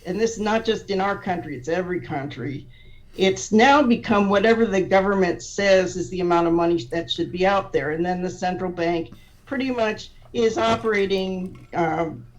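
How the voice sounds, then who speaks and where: A woman's voice: fairly low pitch, moderate pace. A woman who is a podcast guest, explaining ideas patiently and step by step, often restarting her sentences. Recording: distant, dull-sounding audio.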